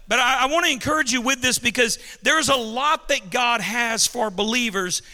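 Man, pastor, call-and-response sermon, very high voice, long hall reverb. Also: normal speed, pushed and bright. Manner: emphatic call-and-response preaching. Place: large church hall.

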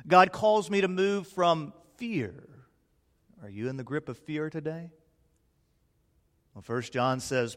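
A pastor preaching a sermon in a dramatic way, swinging from loud declarations to hushed, quiet lines. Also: male voice, a little high, animated, takes it slowly, long pauses. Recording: long reverb in a large hall.

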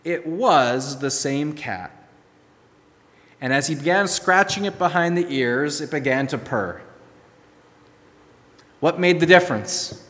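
A man preaching a sermon, telling a story and swinging from soft, hushed lines to emphatic ones. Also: a little high, expressive, slow, pauses often, big-room sound. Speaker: pastor.

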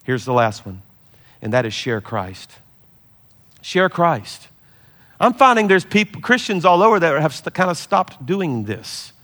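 A middle-aged man, a pastor, preaching a sermon with lively storytelling and laughter, easing into a soft, slow prayer. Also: fairly high pitch. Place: large church hall.

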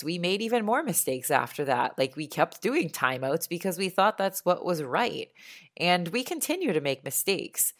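A woman in her thirties, a parent, talking calmly and earnestly about how she raises her young son. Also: low-pitched. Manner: calm, earnest and reflective. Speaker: parent sharing advice. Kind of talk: casual spoken monologue.

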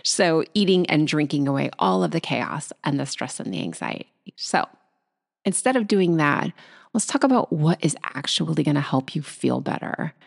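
A woman hosting a solo podcast about anxiety, talking quickly and acting out anxious inner thoughts. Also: sits low, animated, vocal fry. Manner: fast, tumbling, acts out anxious inner voices. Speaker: podcast host.

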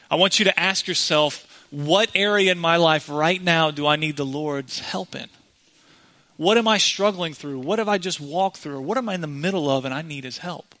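A man's voice: on the high side, bright, forceful tone. A man preaching a sermon in a church, speaking earnestly and directly to the congregation. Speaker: pastor.

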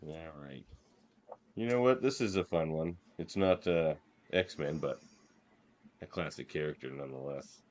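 A man's voice: rumbling low, unhurried, long pauses, a little mellow, a little hiss or hum. A man co-hosting a casual podcast chat, reading out categories and laughing easily. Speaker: podcast co-host.

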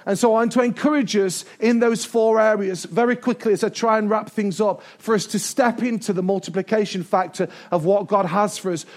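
High-voiced pastor preaching energetically. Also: male voice, fairly quick, hardly any pauses. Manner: energetic preaching, building to shouts, with joking asides. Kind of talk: sermon. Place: church service before a congregation.

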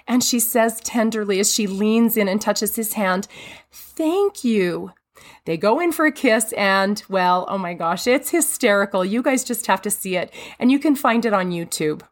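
A woman who is a mother, giving an earnest, emphatic devotional talk with a warm manner. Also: mid-range voice. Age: adult mother. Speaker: speaker.

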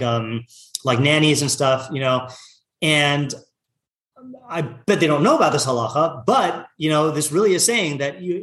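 A man's voice: mid-range voice, a bit bright, roomy sound. A man teaching a casual Torah lesson, talking in a loose conversational way full of "like" and "you know", reading Hebrew passages aloud and translating them.

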